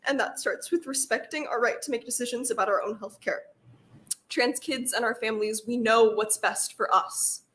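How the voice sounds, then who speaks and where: A woman's voice: on the high side, moderate pace, fairly bright tone. A young woman delivering prepared testimony at a hearing, earnest and firm as she cites studies. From Nebraska. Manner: earnest, firm, reading citations.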